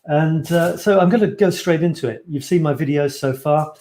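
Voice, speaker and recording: A man's voice: a little high, moderate pace, warm tone. A man hosting a casual photo challenge livestream, chatting in a rambling, friendly way and reading out viewer comments. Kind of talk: casual live stream chat.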